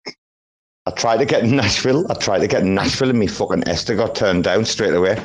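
Low-voiced rambling man. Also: a little fast. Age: 40s. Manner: rambling, sweary, restarts a lot. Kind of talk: casual group audio chat.

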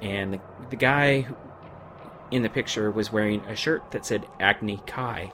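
A man's voice: on the low side, normal speed, fairly bright tone, slight background noise. A man co-hosting a casual gaming podcast, rambling and chatty, his voice wearing out. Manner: rambling, chatty, laughs often. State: losing his voice. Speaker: podcast co-host.

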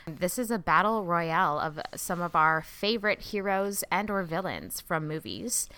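A woman hosting a podcast in an upbeat, brisk way. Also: fairly low pitch, animated, bright, forceful tone, clean tone. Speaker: podcast host. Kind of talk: casual podcast talk.

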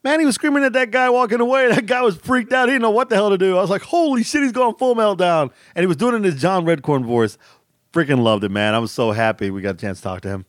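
A man co-hosting a podcast, chatting excitedly and enthusiastically. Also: sits high, very fast, dry recording, studio quality. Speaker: podcast co-host. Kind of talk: excited casual chat.

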